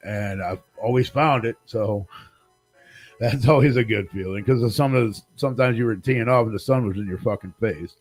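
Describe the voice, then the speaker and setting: A man's voice: on the low side, moderate pace. A man in his forties tells a rambling, swear-heavy story on a live talk show. He mimics the people in it as he goes. Faint music runs underneath. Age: 40s. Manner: profane, animated storytelling, acts out other people's lines. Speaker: podcast host. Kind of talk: casual storytelling chat.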